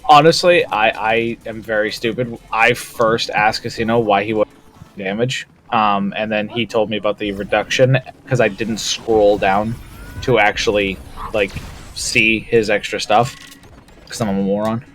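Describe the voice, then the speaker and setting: A man's voice: fairly low pitch, fairly even intonation, a little slow, a bit bright, a little hiss or hum. A man chatting casually as co-host on a game stream, teasing and self-deprecating.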